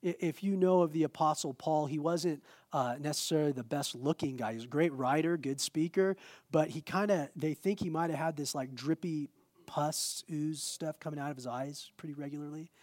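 A male pastor preaching a sermon in a lively, conversational way with self-deprecating humor. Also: on the high side, moderate pace, no room sound.

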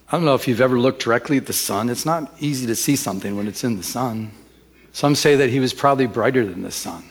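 A man's voice: mid-range voice, slightly rough. A man preaching a sermon as a pastor, telling a story in a conversational, emphatic way.

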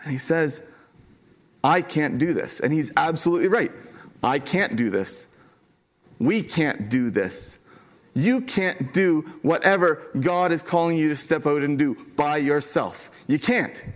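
Earnest higher-voiced male pastor preaching. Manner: earnest, emphatic repetition with dramatic pauses. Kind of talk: sermon.

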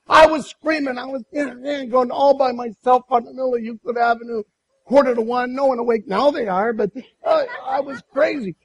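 A man preaching a sermon and telling a personal story in an animated way, with many restarts. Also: very high-pitched, husky, low-quality recording. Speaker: pastor.

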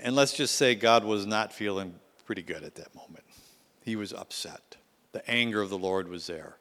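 A male preacher giving a dramatic sermon, swinging between loud and hushed delivery. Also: lowish voice, normal speed, long reverb tail.

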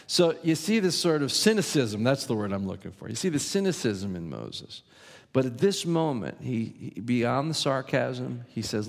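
Brief: male pastor, mid-pitched voice, emphatic sermon delivery, long hall reverb. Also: sing-song, normal speed, gravelly. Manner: earnest, emphatic preaching with rising stress on key words.

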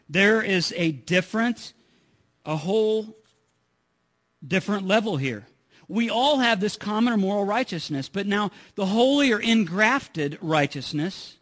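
A man's voice: high-pitched, fairly bright tone. A middle-aged man preaching a sermon in a conversational way, often repeating words as he restarts. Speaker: pastor.

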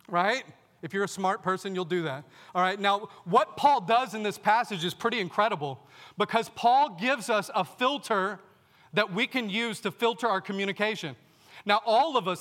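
A man's voice: high-pitched, pushed and bright. A man preaching a sermon to his congregation, firing rhetorical questions at his listeners. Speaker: pastor. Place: church sanctuary. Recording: long reverb of a large hall.

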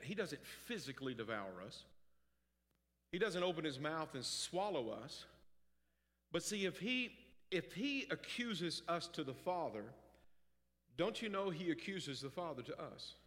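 A man's voice: on the high side, fairly bright tone, big-room sound. A man preaching a sermon in a conversational way, with joking asides and acted-out quotes.

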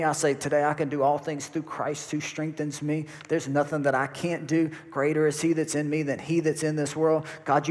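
A male pastor delivers an emphatic sermon, repeating phrases for weight. His voice sits a little on the high side. The sound carries a long reverb from a church sanctuary. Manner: emphatic preaching with repetition.

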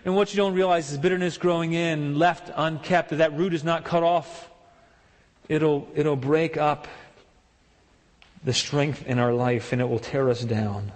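A man preaching a sermon with emphatic delivery, rising high when he mimics people's excuses. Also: fairly even intonation, unhurried. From partly German heritage. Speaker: pastor. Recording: long hall reverb.

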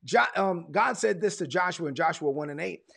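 A man from Brooklyn, preaching a sermon in an emphatic, repetitive way and slowing down to stress his points. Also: a little high, expressive, gravelly, breathy edge. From Brooklyn, United States.

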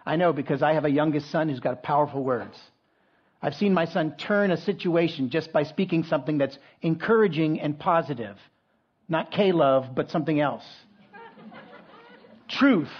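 A man's voice: fairly high pitch, slightly rough. A middle-aged man preaching a conversational sermon, with frequent restarts and asides. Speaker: pastor. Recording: dull lo-fi sound.

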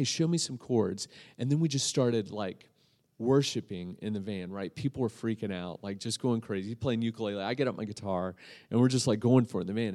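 A man's voice: mid-range voice, mellow. A young man sharing a mission-trip testimony in casual storytelling, rambling with many fillers and restarts. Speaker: church member sharing a testimony.

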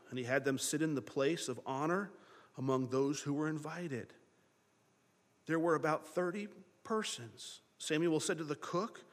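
A man preaching a sermon in an animated way, acting out the thoughts of the people in his story. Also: on the high side, long reverb tail. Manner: animated, acts out characters' thoughts in dialogue.

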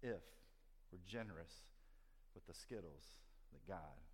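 A man preaching a sermon to his congregation, telling a story with lively rises and then earnest, hushed appeals. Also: sits low, measured pace, slightly rough. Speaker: pastor. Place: church sanctuary. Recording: long hall reverb.

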